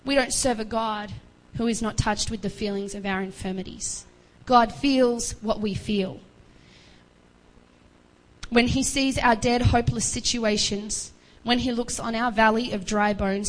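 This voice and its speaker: A woman's voice: a little high, rough recording. A woman preaching a sermon, retelling a Bible story earnestly and acting out the voices of its figures with pleading rises.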